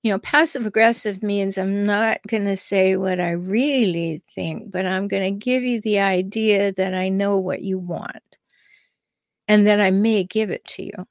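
A woman's voice: medium pitch, steady tone, measured pace, no room sound, studio quality. A woman relationship coach hosting her own show, talking straight to the listener and often asking rhetorical questions. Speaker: relationship coach and podcast host. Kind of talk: solo advice monologue.

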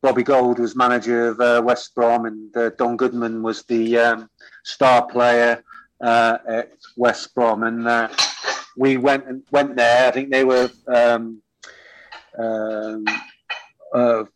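Man, middle-aged, mid-pitched voice, podcast guest, reflective, hesitant, lots of ums. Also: little pitch movement, takes it slowly, slight background noise, rough recording. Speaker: guest, former footballer. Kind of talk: interview storytelling.

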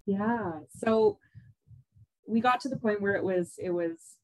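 A woman's voice: medium pitch, a little slow, darkish tone, low-quality recording. A woman guest in a podcast conversation, laughing often and trailing off with fillers as she tells a personal story. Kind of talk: casual conversation.

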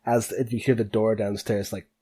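Husky-voiced man running a tabletop game. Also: on the low side, level tone, moderate pace, warm tone. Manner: casual, laughing often, hesitant fillers. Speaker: game master.

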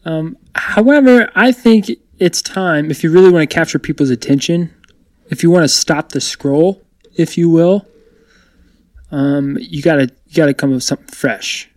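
A young man co-hosting a relaxed talk show, his voice sitting a little high. He jokes freely and leans theatrical. The sound is close and dry, with no room in it. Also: normal speed, no room sound. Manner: upbeat, joking, self-described theatrical. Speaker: co-host. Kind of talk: casual chat.

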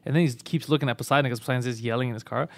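A man hosting a podcast, telling an animated, profane story in casual chat. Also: mid-range voice, very fast, gravelly, no room sound. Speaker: podcast host.

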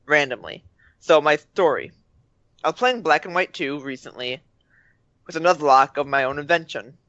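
Tired podcast guy reading a fan story, slightly high voice, dull dead-dry mic. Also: expressive, normal speed, bright, forceful tone, dry recording. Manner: playful storytelling, chuckles. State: tired, late at night. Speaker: podcast co-host. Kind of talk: casual podcast chat, reading listener mail.

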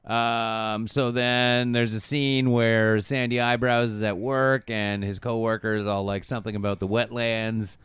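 A man's voice: fairly low pitch, flat delivery, a little slow, few pauses, a bit bright, clean tone, no echo, clean studio sound. A man casually recapping a TV episode for a podcast, rambling with lots of filler words and offhand quotes of the characters. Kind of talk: casual chat.

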